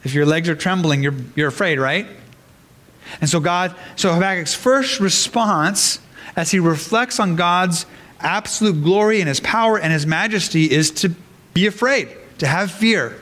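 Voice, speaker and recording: Man preaching in a higher voice. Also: normal speed, a bit bright. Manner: earnest preaching with frequent restarts. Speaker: pastor. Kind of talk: sermon.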